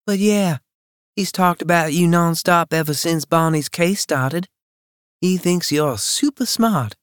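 A man's voice: a little high, a little slow, clean tone, dry recording, studio quality, pitched above the performer's own voice, close to an everyday voice. A man voicing a friendly, teasing young woman who gossips bluntly and freely. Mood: chatty.

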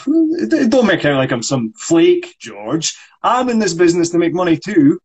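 A man's voice: a little high, big pitch swings, moderate pace, darkish tone, breathy edge, voice pushed up, low-quality recording. A Scottish man reading the part of a frustrated, proud struggling actor in a script read-through, pushing back defensively. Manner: pushy, defensive complaining.

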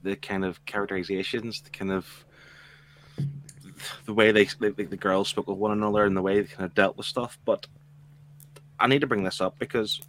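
A man's voice: lowish voice, steady tone, fairly quick, pauses often, a bit bright, slight background noise. A man on a book club podcast, chatting casually and often restarting his sentences.

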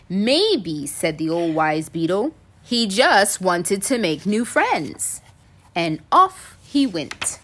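Expressive mom reading a storybook aloud. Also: female voice, fairly low pitch, slow. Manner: expressive, playful, acts out voices. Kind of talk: children's storybook read-aloud.

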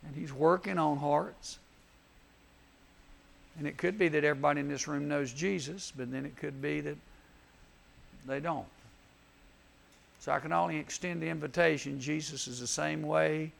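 A man preaching gently and earnestly at a camp chapel, leading a prayer and an invitation. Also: a little high, fairly even intonation, normal speed, creaky, long pauses. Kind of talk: sermon with altar call prayer.

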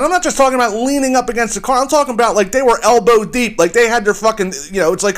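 A man's voice: extremely high pitch, rapid-fire, few pauses, fairly bright tone. A man hosting a podcast, telling a story as a heated, profane rant that repeats itself as he talks. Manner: heated, swearing, repeats himself. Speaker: podcast host. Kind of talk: profane ranting monologue.

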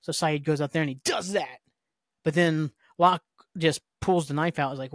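A man's voice: a little high, moderate pace, fairly bright tone, no echo, clean studio sound. A man hosting a podcast, casually recapping a TV episode in a rambling way, with many fillers. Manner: rambling, filler-heavy storytelling. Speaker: podcast host.

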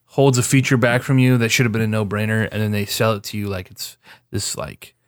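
A man's voice: fairly low pitch, fairly even intonation, a little fast, smooth, no echo, clean studio sound. A tired man co-hosting a casual gaming podcast, grumbling and sarcastic, with the odd swear. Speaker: podcast co-host.

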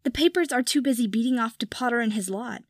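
A woman's voice: fairly high pitch, fast, dry recording, clean studio sound. A woman reading aloud voices a tipsy, foul-mouthed young witch who talks bluntly. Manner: swears freely, blunt. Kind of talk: audiobook fan fiction reading.

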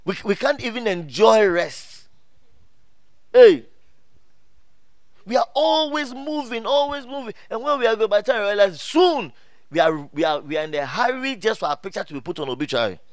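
High-voiced animated male pastor preaching. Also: a little fast, no room sound, studio quality. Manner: animated preaching with call-outs to the congregation; laughs often, many restarts and fillers. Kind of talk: sermon.

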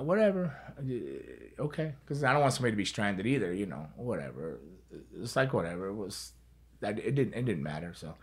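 A man's voice: fairly low pitch, slightly rough. A man telling a story as an interview guest, in a casual, rambling way, repeating words and swearing freely.

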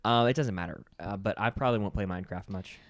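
A man's voice: on the low side, quick pace, dry recording, studio quality. A man co-hosting a casual podcast chat with his girlfriend. He teases her and laughs often. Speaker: podcast co-host.

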